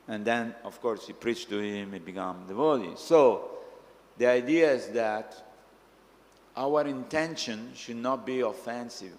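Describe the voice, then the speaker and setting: A man's voice: medium pitch, unhurried. Man teaching in a reverberant hall. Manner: earnest storytelling, acting out quoted voices. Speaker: speaker. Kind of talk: scriptural class answering questions.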